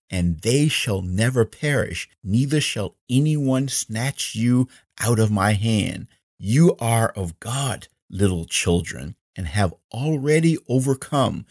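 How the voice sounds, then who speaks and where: A man preaching with slow, deliberate emphasis, his low voice carrying a husky grain. He quotes scripture at length in a steady pastor's cadence. The sound is dry and close, with no room around it. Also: dry recording. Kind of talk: sermon.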